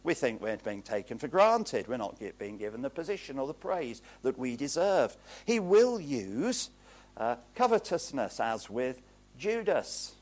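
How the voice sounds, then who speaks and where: A man's voice: mid-range voice, very animated, a little slow, darkish tone. A man preaching a sermon in an earnest, emphatic way, asking rhetorical questions.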